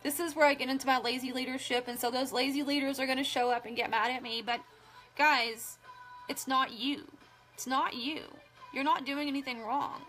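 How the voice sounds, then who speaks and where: A young adult woman talking straight to her viewers in a casual live video, chatty and emphatic, full of "like" and quick restarts. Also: high-pitched, fairly even intonation, fairly bright tone, soft background music. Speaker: social media coach.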